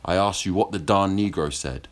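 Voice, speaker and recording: A man's voice: sits low, normal speed, pitched above the performer's own voice, lightly acted. A man voicing a cruel, brash French naval commodore who barks and sneers. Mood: angry. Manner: barking, spitting, sneering.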